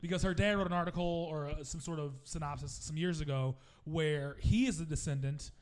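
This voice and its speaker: A man's voice: fairly high pitch, fairly even intonation, brisk. A man co-hosting a comedy podcast, talking casually, laughing often and explaining at length. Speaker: podcast co-host.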